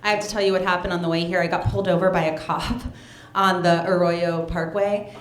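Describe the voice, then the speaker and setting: A woman's voice: lowish voice, flat delivery, brisk, over loud music. A woman doing a stand-up comedy set in a chatty, offhand way, full of hesitations, with a dry delivery. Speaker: stand-up comic. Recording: echoey room with live audience.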